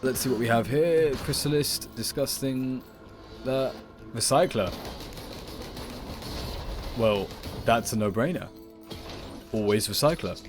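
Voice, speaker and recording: A man's voice: medium pitch, takes it slowly, pauses often. A man giving playful commentary over his video game play, rambling and jokingly dramatic. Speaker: gaming video creator. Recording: voice over loud game music.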